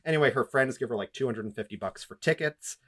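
A man's voice: mid-range voice, quick pace, a bit bright, breathy edge. A man co-hosting a podcast, recapping a novel in a sarcastic, rambling, profane way. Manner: sarcastic, rambling, with many fillers. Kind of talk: casual, profane book-recap chat.

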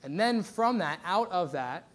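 A man preaching a sermon in a loose, conversational way. His voice sits a little high for a man. He jumps between stories and asides, full of fillers and quick restarts. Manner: conversational, animated storytelling with lots of fillers. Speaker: pastor.

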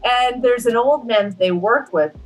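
A young woman co-hosting a podcast, rambling through a movie recap, swearing and acting out the characters in quick quoted voices. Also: fairly high pitch, faint music behind, poor audio. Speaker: podcast co-host. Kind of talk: casual movie recap chat.

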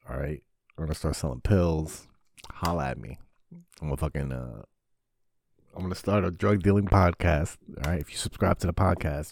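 Low-voiced, swearing podcast host. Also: male voice, creaky, slightly rough, dry recording. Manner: profane, rambling, jokey with sudden loud bursts. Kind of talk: casual crude comedic monologue.

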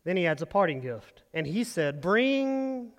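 A man preaching a sermon as pastor, animated, leading the congregation in call-and-response. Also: high voice, a little slow. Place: church sanctuary. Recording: long hall reverb.

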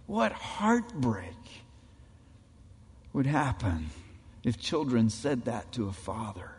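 Man preaching, slow and deliberate, dramatic quoted voices, long hall reverb. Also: on the high side, very animated, husky. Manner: dramatic, acts out quoted voices of God and people. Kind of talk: sermon.

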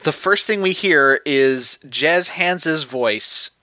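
Male podcast co-host, animated, bright, dry close-mic sound. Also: fairly high pitch, slow pace, dry recording. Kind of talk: casual chat.

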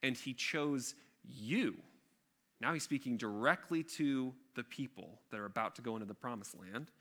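Lively, bright-voiced preacher man. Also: mid-range voice, brisk. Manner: animated, emphatic, conversational asides. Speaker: pastor. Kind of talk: sermon.

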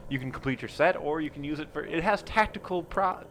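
A man's voice: fairly high pitch, fast, a bit bright, slight background noise. A man in casual podcast chat who rambles through his points with lots of likes and uhs.

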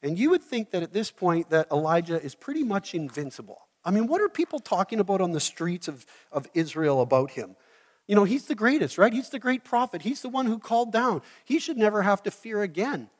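A man preaching a sermon as a pastor, telling the story in an animated way and acting out the scenes. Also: sits high, a little fast, long reverb tail. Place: church hall.

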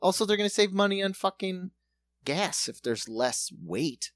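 A man's voice: sits high, expressive, moderate pace, dry recording. A man in his thirties telling comedic travel stories in casual, profane chat, acting out other people's lines. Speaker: podcast co-host.

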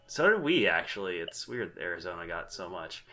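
A man's voice: deep voice, sing-song, fairly quick, music in the background. A man hosting a podcast in casual chat, rambling and self-deprecating with restarts. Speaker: podcast host.

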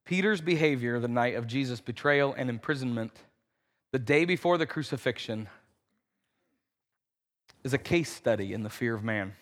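A pastor preaching a conversational sermon in a church, acting out the quotes in voices. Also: male voice, medium pitch, fairly bright tone. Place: church sanctuary. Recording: reverberant church hall.

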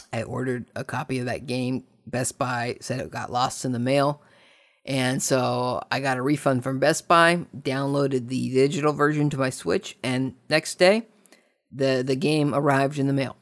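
A man hosting a podcast, telling a long story in a casual way, repeating words and swinging between hushed and excited tones. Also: medium pitch. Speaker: podcast host. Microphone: desk microphone.

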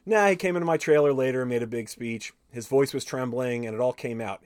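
Switching between reading and commenting, a podcast host animatedly tells a profane interview full of quoted back-and-forth and cursing, pausing at times to add his own comments. He talks quickly at a normal middle pitch. The recording is close and dry, without room sound.

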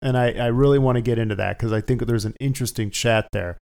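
A man hosting a casual podcast panel discussion, brisk and upbeat as he steers the talk along. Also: mid-range voice, creaky, a little mellow. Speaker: podcast host.

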